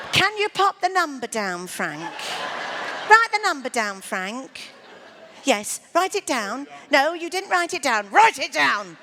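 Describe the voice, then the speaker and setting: A woman's voice: high voice, background noise. A woman doing comic magic patter on stage, teasing and flirting with a volunteer she keeps calling darling. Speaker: comedy magician.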